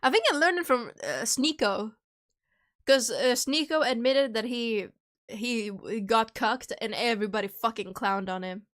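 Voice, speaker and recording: Young female streamer with a slightly high voice, loose rambling banter while snacking. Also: measured pace, fairly bright tone. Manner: rambling, joking, chewing candy while talking. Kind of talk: casual livestream chat.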